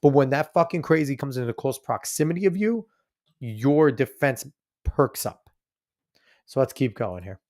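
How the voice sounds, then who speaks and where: A man's voice: mid-range voice, animated, normal speed, a little mellow. A man hosting a podcast, giving blunt, profane, casual commentary on a news clip he plays for listeners. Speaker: podcast host.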